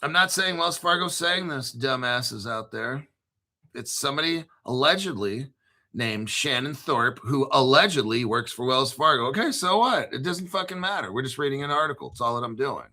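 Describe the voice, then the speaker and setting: A man's voice: mid-range voice, lively intonation, normal speed, sharp tone. Blunt, profane middle-aged male crypto vlogger. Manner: emphatic, repeats himself. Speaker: crypto video host. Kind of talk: casual ranting commentary.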